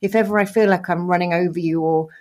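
A woman's voice: fairly low pitch, quick pace. A middle-aged woman co-hosting a podcast, chatting openly over a video call, laughing often and speaking with feeling. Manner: animated, laughs often, emotional and open. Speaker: podcast co-host.

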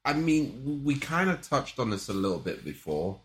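A man in casual conversation, laid-back and quick to chime in with agreement. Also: medium pitch, very animated. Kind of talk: casual political chat.

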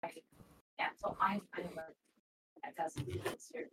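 A woman chatting casually, trailing off softly and speaking hesitantly. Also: fairly low pitch, fairly even intonation, a little slow, echoey room. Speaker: cast member chatting before stream. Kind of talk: casual chat. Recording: distant mic with noticeable background noise.

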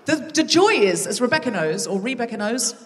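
A woman works the crowd from a theatre stage, teasing and chatty, with quick asides. Her voice sits mid-range and rings out into a hall with a long tail of reverb. Faint room noise sits under her. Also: medium pitch, very animated. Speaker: comedy podcast host. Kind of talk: live stand-up crowd work. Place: theatre stage before a live audience.

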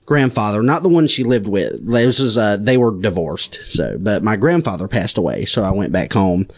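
A young man chatting casually, telling animated stories. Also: on the low side, moderate pace. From United States. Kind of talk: casual chat.

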